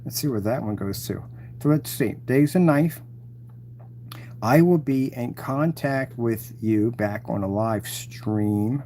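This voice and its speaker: A man's voice: medium pitch, slow, mellow, a little hiss or hum. A man hosting his channel, mocking and taunting his rivals in a rambling live-stream rant.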